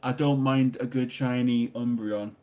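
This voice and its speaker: Here a young man with a Geordie accent, from Newcastle upon Tyne in England, hosts a laid-back livestream Q&A as a YouTuber, his mid-range voice moving at a measured pace. He jokes, chats, reads comments aloud, and occasionally explodes into loud excitement.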